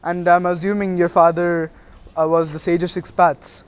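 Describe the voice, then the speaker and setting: A man's voice: sits high, little pitch movement, normal speed, clear, resonant tone, close to an everyday voice. A man voicing a cheeky, teasing young male ninja in an easygoing tone. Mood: friendly.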